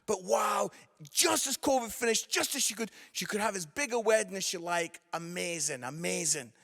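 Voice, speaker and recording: Fifty-something guy doing stand-up stories live, fairly high voice, punchy, keeps going "yeah?". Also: normal speed, creaky, long reverb tail. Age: 50s. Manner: animated, punchy asides with "yeah?" tags. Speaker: comedian and evangelist. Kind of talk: stand-up storytelling. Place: live venue before an audience.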